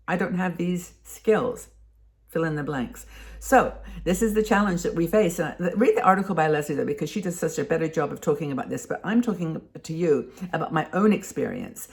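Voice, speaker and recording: A woman's voice: sits low, animated, fairly quick, gravelly, a little mellow. An older woman hosting a show, talking casually and rambling, with frequent restarts and fillers. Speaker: host. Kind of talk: casual talk to camera.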